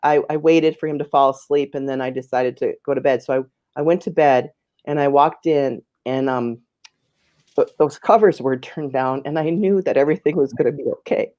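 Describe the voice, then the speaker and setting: Woman, fifties, interview guest, earnest, emotional, mellow tone. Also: a bass voice, moderate pace, no room sound, highs cut off. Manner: emotional, earnest, repeats words. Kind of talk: personal storytelling in conversation.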